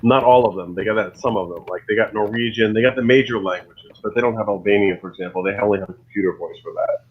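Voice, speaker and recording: A man co-hosting a podcast in casual chat on a headset, eager and excitable. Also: on the low side, quick pace, breathy edge, muffled recording. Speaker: podcast co-host. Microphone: headset on a voice call.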